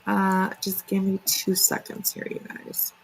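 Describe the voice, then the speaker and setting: A woman's voice: medium pitch, completely flat delivery, unhurried, gravelly, soft background music, rough recording. A woman hosting a casual livestream, chatty and filler-heavy, greeting viewers by name. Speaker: livestream commentary host.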